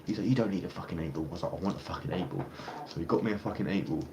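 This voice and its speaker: A man's voice: low voice, very fast. A young man rambling in a casual street interview, swearing a lot and restarting his sentences. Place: outdoors on a street. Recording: noisy street ambience.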